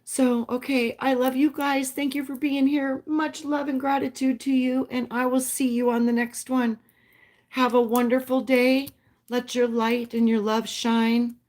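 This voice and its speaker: Woman on a livestream, soft and heartfelt, thanking viewers by name, spiritual chat. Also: sits high, flat delivery, unhurried. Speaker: livestream host.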